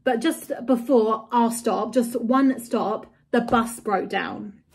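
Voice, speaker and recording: A woman's voice: a little high, slow pace, gravelly, darkish tone. A young woman, ranting in a casual vlog about a bad summer, exasperated and rambling with lots of fillers and swearing. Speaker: vlogger.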